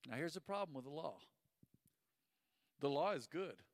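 A man preaching a sermon as pastor, telling stories animatedly and swinging between loud and hushed. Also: a little high, expressive, moderate pace, dry recording, in a large hall.

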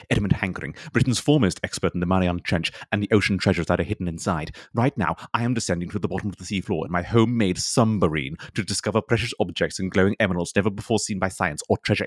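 A pompous sea explorer, as a man puts him on delivers a comic monologue in long breathless runs. The voice sits low and the sound is close and dry. He never pauses for laughter. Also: no echo. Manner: breathless run-on monologue, self-important. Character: pompous male oceanographer treasure hunter, rambling. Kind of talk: comedy character monologue.

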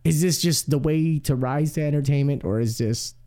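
A man's voice: fairly high pitch, moderate pace, mellow. A man hosting a podcast, bantering crudely and teasing his co-hosts. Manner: profane, teasing, talks over others. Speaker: podcast host.

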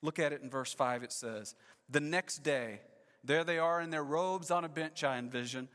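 A male pastor preaching a sermon to his church, dramatic, swinging between loud emphasis and hushed, low passages. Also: moderate pace, big-room sound. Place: church sanctuary.

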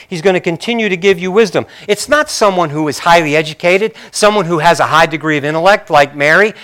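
Conversational male preacher, higher voice. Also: bright, forceful tone. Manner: conversational, self-deprecating asides, apologetic. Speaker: pastor. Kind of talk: sermon.

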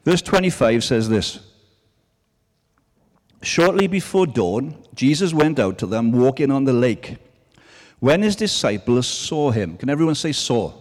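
A man of middle pitch preaches to a congregation, talking in an easy, conversational way. He pushes his voice up to stress key phrases. His words ring out with the long reverb of a large hall. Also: sing-song, a little slow, pauses often, a little mellow. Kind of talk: sermon.

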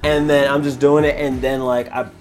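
A man telling a long story in casual podcast chat, rambling and animated, with many restarts. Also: medium pitch, normal speed, soft background music.

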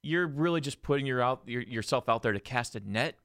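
A man's voice: mid-range voice, animated, a little fast, fairly bright tone, no room sound, studio quality. A man co-hosting a casual podcast, laid-back with crude humor. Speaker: podcast co-host. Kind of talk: casual chat.

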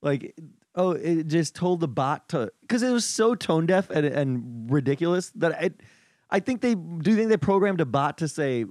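Lively-voiced man hosting a podcast. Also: a little high, normal speed, no echo, clean studio sound. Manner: animated, argumentative, moderating. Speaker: podcast host. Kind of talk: casual podcast chat.

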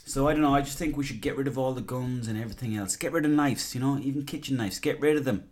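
A man's voice: medium pitch, fast talker, a little mellow, slight background noise. An Irish man hosting a podcast, talking in a casual, rambling, sweary and jokey monologue. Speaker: podcast host.

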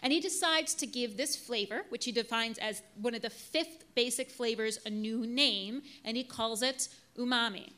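Woman, fairly high voice, casual storytelling presenter, slide talk. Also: normal speed, few pauses, sharp tone. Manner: casual, chatty storytelling with fillers and asides. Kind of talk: live talk to an audience with slides. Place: venue in a big city.

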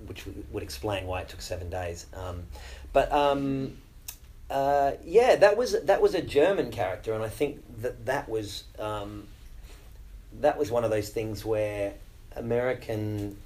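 A man's voice: fairly low pitch, a little slow, darkish tone, poor audio. Australian man chatting with many fillers. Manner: chatty, self-deprecating, with many fillers and restarts. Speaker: actor. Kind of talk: casual interview talk.

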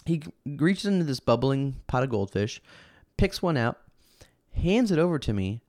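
A man hosting a podcast in a casual chat, rambling and laid-back, full of fillers and restarts, animated when telling stories. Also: medium pitch, normal speed, no echo, studio quality.

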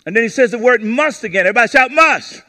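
A male pastor preaching a sermon to a congregation, calling on them to repeat key words back to him. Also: racing. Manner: lively call-and-response preaching, asks the congregation to repeat words; acts out brief quoted voices in a lowered tone. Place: church service before a congregation.

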